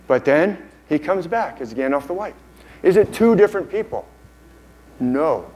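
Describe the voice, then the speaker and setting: A man's voice: fairly high pitch, animated, normal speed, poor audio. Enthusiastic male conference speaker. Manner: enthusiastic, repeats and restarts phrases. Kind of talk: conference lecture. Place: conference hall.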